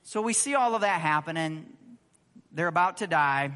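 A man preaching a sermon, conversational and animated, asking the congregation rhetorical questions. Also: fairly high pitch, moderate pace, long reverb tail. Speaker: pastor.

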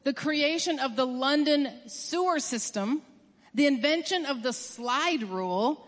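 A woman delivers a sermon with a high voice. She talks emphatically, racing through some phrases and slowing down hard on others for stress. Her voice rings with the long reverb of a large hall. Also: lively intonation. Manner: emphatic, swings from quick bursts to drawn-out stresses. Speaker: preacher.

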